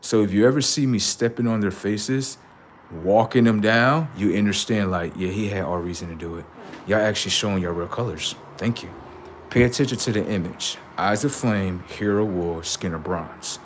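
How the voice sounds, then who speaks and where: A man's voice: moderate pace, a little hiss or hum. Preachy, profane male livestreamer. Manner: preachy, rambling, swings from low mutters to high outbursts; profane, street slang. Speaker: livestream host. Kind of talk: live stream talk to chat.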